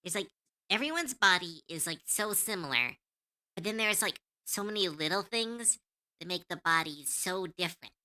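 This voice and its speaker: A woman's voice: lowish voice, animated, normal speed, pushed and bright. A woman streamer chatting casually to her viewers, rambling and giggling between thoughts.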